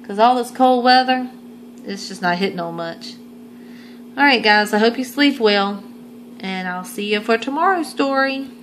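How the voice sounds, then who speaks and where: A woman reading a children's picture book aloud, adding gentle asides for young listeners. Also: a little high, moderate pace, slight background noise, poor audio. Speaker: storytime reader.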